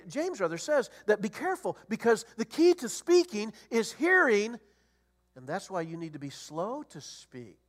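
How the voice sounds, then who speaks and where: A middle-aged or older man preaching a sermon as a guest preacher, animated and storytelling, rising to loud emphasis. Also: a little high.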